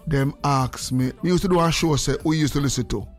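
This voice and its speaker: An older man from Jamaica with a Jamaican accent, hosting a morning radio show and chatting with callers in animated, laughing patois. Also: mid-range voice, a little fast, soft background music. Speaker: radio host. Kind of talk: casual radio chat with callers.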